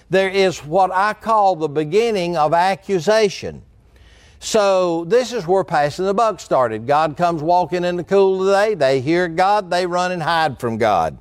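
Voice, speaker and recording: A man's voice: sits high, no echo. A man preaching a sermon, acting out Bible dialogue with dramatic emphasis.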